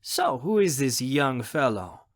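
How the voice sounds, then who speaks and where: Genial older man in his fifties, polished, teasing, read by a man, lively voice, audiobook figure. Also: mid-range voice, unhurried. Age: 50s. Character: polished older male hotel manager, smooth and charming.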